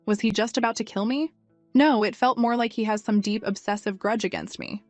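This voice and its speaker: A woman voicing a feisty young wife with no memory, speaking higher and indignant, over faint music. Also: fairly even intonation, brisk, dry recording, natural voice. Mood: puzzled. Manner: indignant, higher and brighter than narration. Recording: dry, music faint behind.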